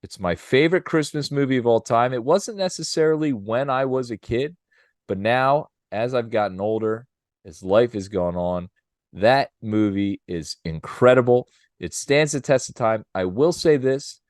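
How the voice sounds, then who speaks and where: Upbeat male podcast co-host, mid pitch, dry booth sound. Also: expressive, moderate pace, no echo. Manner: upbeat, laughs often, does playful impressions. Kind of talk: casual chat.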